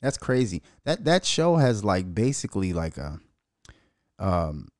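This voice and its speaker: Young male podcast host, profane rant, lively swings in pitch, dry close sound. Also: unhurried, no echo. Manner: profane, animated, mocking impressions. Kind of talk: casual solo podcast rant.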